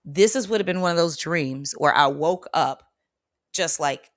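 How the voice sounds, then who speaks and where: A woman host telling a personal story with lively expression, often checking in with her listeners. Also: deep voice, measured pace. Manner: expressive, checks in with "okay?" and "right?", acts out her own reactions. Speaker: spiritual channel host.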